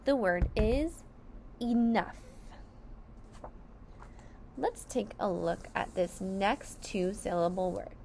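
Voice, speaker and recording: Slow, gravelly-edged phonics teacher, woman. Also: mid-range voice, noisy background. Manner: sounds out words syllable by syllable, clearly enunciated. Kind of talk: slow, deliberate phonics lesson for young children.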